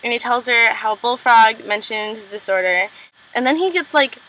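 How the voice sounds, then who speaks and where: A young woman casually recapping a TV episode, full of "like" and "um", quickly acting out characters' lines. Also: on the high side, lively intonation, bright, forceful tone, a little hiss or hum, rough recording. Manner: chatty, lots of "like" and "um", acts out lines in quick impressions. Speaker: recap vlogger.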